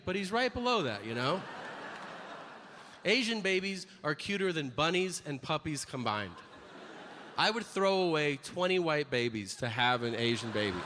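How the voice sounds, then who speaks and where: Crude deadpan stand-up comedian, man. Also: fairly high pitch, in a large hall, background noise. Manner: crude, deadpan storytelling with sudden loud outbursts. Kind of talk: stand-up routine. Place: comedy stage.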